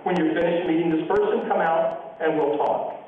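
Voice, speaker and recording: A man voicing a kindly old villager in his eighties or nineties, in a gentle, humble manner, in a sermon story. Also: fairly high pitch, normal speed, natural voice. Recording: distant echoey church, phone-like sound.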